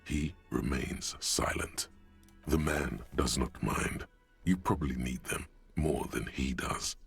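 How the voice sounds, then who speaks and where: Brief: a game's inner-voice narrator, very low and gravelly, slow and ominous. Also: male voice, faint music behind, full character voice. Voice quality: gravelly, very deep. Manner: slow, measured, second-person narration. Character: deep gravelly male game narrator, inner voice. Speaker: game narrator.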